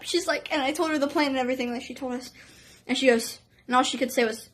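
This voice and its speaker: A woman telling a story on her vlog in an excitable, chatty way, full of "like" and "um". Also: sits high, fairly quick. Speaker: vlogger.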